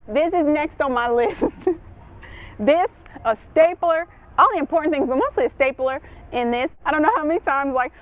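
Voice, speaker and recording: A woman's voice: sits high, poor audio. A young woman giving casual college dorm advice, chatty and colloquial, laughing often.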